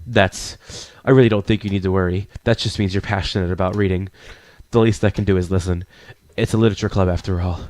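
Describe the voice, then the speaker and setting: A man reading a visual novel aloud as a let's player, adding quick asides between the narration. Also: sits low, steady tone, darkish tone, dry recording.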